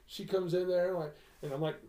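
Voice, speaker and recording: A man's voice: high voice, steady tone, fairly quick, warm tone, echoey room. A man telling a long story in casual podcast chat, swearing and acting out what people said. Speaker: podcast host.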